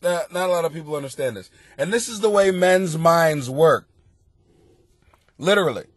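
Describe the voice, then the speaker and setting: A middle-aged man hosting a comedic advice podcast, rowdy and profane, often breaking into loud laughter. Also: on the high side, lively intonation, normal speed, husky, dry recording. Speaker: podcast host giving advice.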